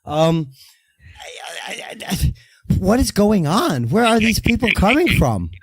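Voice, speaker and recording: A male podcast host who rants and swears in casual banter. His voice jumps up and down in pitch as he gets worked up. The sound is close and dry, with no room around it. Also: a little slow, husky, dry recording. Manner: loud, profane, ranting, then calming down.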